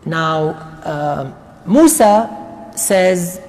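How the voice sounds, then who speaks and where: A man teaching a Quran study circle, retelling a story in a casual, conversational way with quick asides. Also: sits high, lively intonation, a little mellow. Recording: long reverb of a large hall.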